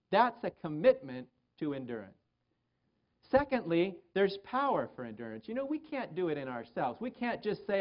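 A man's voice: on the high side, sing-song, normal speed, muffled recording. A man preaching a sermon to his church, acting out prayers in a small whiny voice. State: pain in both feet. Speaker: pastor.

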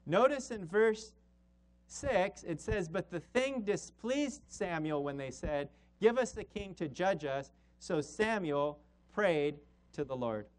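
A man preaches a sermon as pastor, speaking emphatically. He slows down on key words and drops low and quiet to drive his points home.

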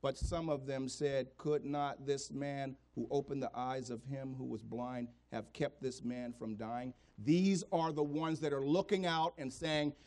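A man preaching a sermon, swinging between hushed, low passages and raised, emphatic ones, voicing scripture and imagined doubters as he goes. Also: steady tone, unhurried, hardly any pauses. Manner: voices scripture and imagined doubters in quoted speech. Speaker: pastor.

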